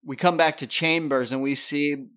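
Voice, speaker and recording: Animated man retelling a show, slightly high voice. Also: normal speed, clean tone. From New York. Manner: animated, acts out characters' lines. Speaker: podcast co-host. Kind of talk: casual chat recapping a TV show.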